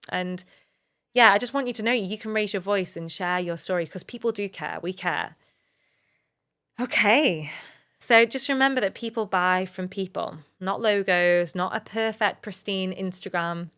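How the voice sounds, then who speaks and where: A woman in her thirties from England hosts a solo podcast in a mid-range, slightly bright voice. She speaks earnestly and openly about her own experiences to motivate listeners, and at times she becomes emotional.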